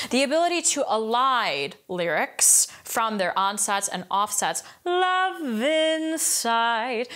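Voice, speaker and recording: A woman's voice: mid-range voice, a bit bright. A young adult woman giving a singing lesson as a vocal coach, explaining a point and then singing it to show how it sounds. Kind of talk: singing lesson with sung demonstrations.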